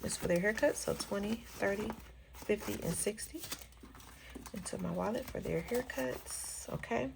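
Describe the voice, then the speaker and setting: A woman's voice: medium pitch, normal speed, creaky, background noise. A woman, chatting casually as she counts cash into envelopes in a budgeting vlog and talking straight to her viewers. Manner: chatty, counts bills aloud, addresses viewers as y'all. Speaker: budgeting vlogger.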